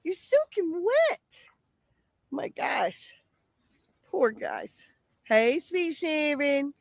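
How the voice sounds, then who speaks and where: A woman's voice: high voice, sing-song, drawn-out words, vocal fry, dry recording, rough recording. A woman outdoors on a farm, cooing to her animals in sing-song baby talk and laughing often.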